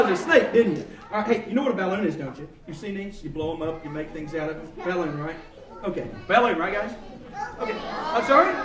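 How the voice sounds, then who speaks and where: A very high-voiced man hams it up as a children's entertainer, his pitch jumping all over as he jokes and teases the kids. He sounds distant in a big, echoey room, with a loud crowd of children behind him. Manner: playful, clowning, bantering with children. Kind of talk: live kids' show patter. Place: large indoor room at a library event. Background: noisy crowd of children.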